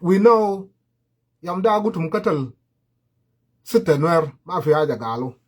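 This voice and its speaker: A man's voice: a little high, lively intonation, a little slow, husky. A man giving impassioned political commentary, repeating his warnings.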